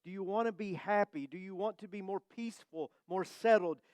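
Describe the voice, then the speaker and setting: A male pastor preaching a sermon in a church, conversational and humorous, slowing down to stress key phrases. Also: sits high, darkish tone, smooth, dry recording. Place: church sanctuary.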